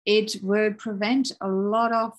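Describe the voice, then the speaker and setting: A middle-aged woman giving a parenting webinar over a video call, calm and encouraging, explaining with everyday examples. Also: medium pitch, a little slow, rough recording. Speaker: parenting workshop presenter. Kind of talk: webinar presentation.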